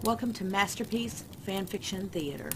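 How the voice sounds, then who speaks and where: A woman reading a crude comic fan story aloud in a deadpan, unhurried way. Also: mid-range voice. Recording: noisy background ambience.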